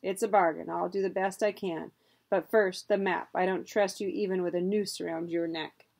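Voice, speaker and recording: A woman's voice: on the low side, steady tone, moderate pace, gravelly, darkish tone. A woman voicing a dignified butler who speaks formally and makes a persuasive courtroom-style speech. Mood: earnest. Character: proper, dignified English butler turned gold seeker, eloquent.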